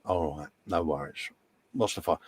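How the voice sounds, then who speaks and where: A man's voice: very deep voice, moderate pace, husky, no room sound. A man co-hosting a live stream, chatting casually and joking as he reads out viewer comments. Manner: jokey, banter-filled, reads chat messages aloud. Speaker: co-host of a live model-building stream.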